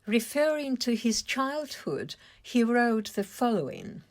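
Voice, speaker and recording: A woman giving an English vocabulary lesson, explaining words slowly and carefully and stressing syllables. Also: a little high, big pitch swings. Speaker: English teacher.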